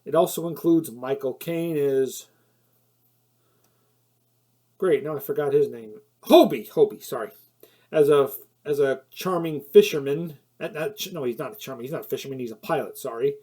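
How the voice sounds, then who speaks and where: A man's voice: mid-range voice, normal speed, mellow. A man giving a casual spoken film review, rambling with many fillers and self-corrections, and sometimes laughing at his own points. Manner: laughs at his own points, gets heated when annoyed.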